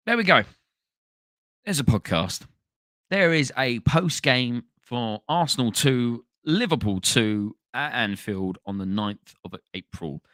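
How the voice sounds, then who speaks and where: Guy hosting a football podcast, bright voice, chatty and sweary, dry close sound. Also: medium pitch, no echo. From London, England. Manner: chatty, swears freely, thanks viewers by name. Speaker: podcast host. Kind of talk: casual live-stream chat reading comments.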